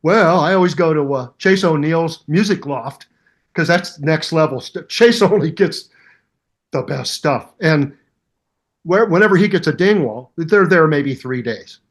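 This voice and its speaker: Older guy with a high-ish voice, animated, telling stories in an interview. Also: a little slow. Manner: animated storyteller, mimics voices and sounds. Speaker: guest musician. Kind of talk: casual interview chat.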